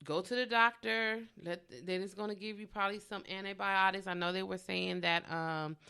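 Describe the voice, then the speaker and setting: Bright lady ranting on her podcast, blunt, cusses a lot. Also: medium pitch, moderate pace, vocal fry, clear, resonant tone. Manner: animated, blunt, swears freely. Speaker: podcast host. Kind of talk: casual solo podcast rant.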